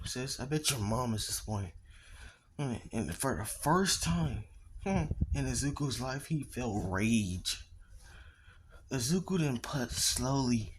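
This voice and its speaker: Man rambling through a fan story. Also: medium pitch. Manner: rambling, with restarts and profanity. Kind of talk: casual story narration. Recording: noisy with clicks.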